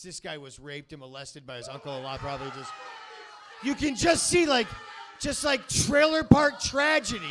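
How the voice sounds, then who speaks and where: A man working a comedy club crowd, his voice high and bright. He rambles, swears freely and pads his bits with fillers as he talks into a handheld mic. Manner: rambling, crude, crowd-baiting, full of fillers. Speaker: stand-up comedian. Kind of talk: stand-up comedy set.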